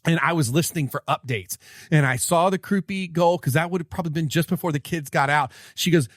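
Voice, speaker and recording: Excited man, dry close sound. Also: a little high, fast talker, no room sound. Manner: excited, animated telling with many restarts. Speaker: podcast co-host. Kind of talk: casual storytelling chat.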